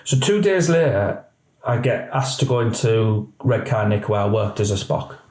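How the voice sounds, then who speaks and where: A man's voice: on the low side, moderate pace. A middle-aged policeman, recounting events candidly in a podcast interview and acting out the voices he quotes. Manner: animated storyteller, acts out quoted voices. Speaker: police officer guest. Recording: echoey room.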